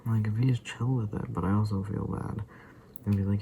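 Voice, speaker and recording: Vlogger, male, low and gravelly, mellow tone, rambling casual talk that slips into whispers. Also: fairly even intonation, fairly quick, slight background noise, low-quality recording. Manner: often drops to a soft unvoiced whisper; loose and rambling, full of fillers and asides.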